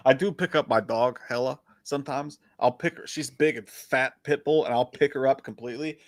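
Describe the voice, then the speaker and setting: A man's voice: medium pitch, moderate pace, no room sound, clean studio sound. A middle-aged father co-hosting a live movie stream, chatting casually with swearing and reading out viewer messages. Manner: profane, laid-back, reads viewer messages. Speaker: co-host.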